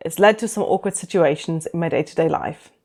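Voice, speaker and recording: A woman's voice: low-pitched, a little fast, darkish tone. A woman book vlogger giving casual review commentary with a wry, dry humour, recorded on a camera-mounted mic. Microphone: camera-mounted shotgun mic.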